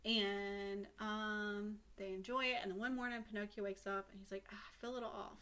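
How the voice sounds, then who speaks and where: A woman co-hosting a podcast, retelling a story in casual chat, swearing freely and acting out characters' lines in quick asides. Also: medium pitch, little pitch movement, a bit bright. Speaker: podcast co-host.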